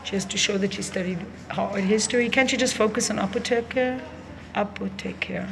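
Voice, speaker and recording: A woman's voice: mid-range voice, fast, noisy background. Blunt, sarcastic woman in echoing gallery. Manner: blunt, opinionated, sarcastic, swears freely. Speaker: gallery visitor. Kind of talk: candid spoken gallery walkthrough. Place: art gallery, indoors. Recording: roomy gallery with long reverb.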